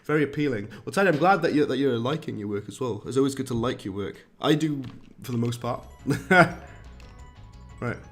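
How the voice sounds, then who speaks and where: This streamer speaks quickly and expressively at a medium pitch, barely pausing. He keeps up chatty, meandering commentary on his live game, reads out viewer messages, and talks in British slang while game music runs underneath.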